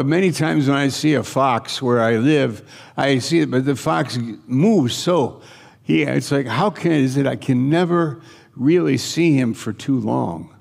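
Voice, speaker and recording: A male preacher delivering a sermon in an earnest, conversational manner, leaning on repeated phrases. His voice is slow and gravelly, at an ordinary middle pitch. A long reverb trails after his words, as in a large hall.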